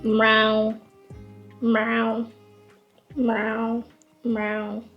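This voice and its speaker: Woman, very slow, teasing, playful meowing, kitchen helper. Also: on the high side, monotone, muffled recording, faint music behind. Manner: teasing, keeps meowing to annoy.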